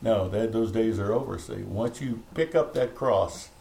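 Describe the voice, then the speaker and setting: A man's voice: fairly low pitch, measured pace, creaky, warm tone, low-quality recording. A middle-aged man preaching a fervent, rambling sermon to a small home church, breaking into laughs. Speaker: pastor. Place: home meeting room.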